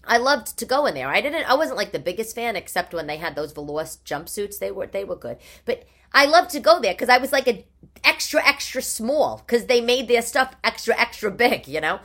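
A woman hosting her podcast, chatting in a chatty, animated monologue from her living room. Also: fairly high pitch, a little fast. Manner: chatty and animated, with rhetorical questions. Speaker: podcast host. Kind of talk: casual monologue.

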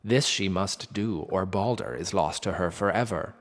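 A man voicing a grim female ruler of the dead, speaking slowly and curtly. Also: low voice, natural voice. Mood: menacing. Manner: slow, curt and menacing. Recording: long reverb with faint music.

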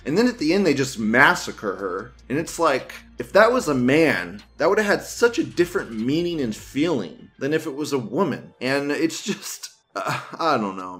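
A crude, rambling male host who swings his pitch widely while he rants and laughs often. Faint music plays underneath. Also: fairly bright tone. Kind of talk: casual ranting commentary.

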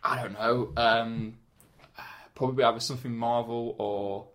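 A man's voice: mid-range voice, level tone, unhurried, fairly bright tone. A man co-hosting a film podcast, rambling casually with many fillers and restarts. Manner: rambling, hesitant, lots of fillers. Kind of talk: casual chat.

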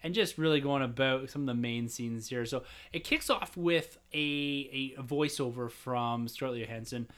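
A man's voice: medium pitch, normal speed, few pauses, fairly bright tone. Methodical man breaking down a trailer. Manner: methodical, explains scene by scene, repeats "yes" and "yeah". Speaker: podcast co-host. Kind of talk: casual chat breaking down a trailer.

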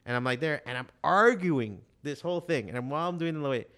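A man in casual conversation, telling animated stories with a lot of swearing and acting out what other people said. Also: on the high side, fast talker. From Miami, USA. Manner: animated storytelling, heavy swearing, quotes others in voices. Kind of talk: casual chat.

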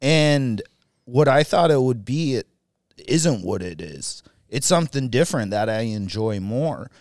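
A man's voice: medium pitch, sing-song, a little slow, a little mellow, dry recording. Male podcast co-host, easygoing and rambling, medium voice, dry booth sound. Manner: rambling, laughs often, many fillers. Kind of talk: casual round-table chat.

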